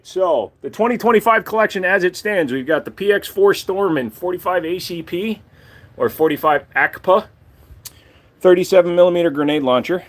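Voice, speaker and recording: A man hosting a casual live stream, joking crudely and swearing as he shows off his collection and talks to chat. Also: on the high side.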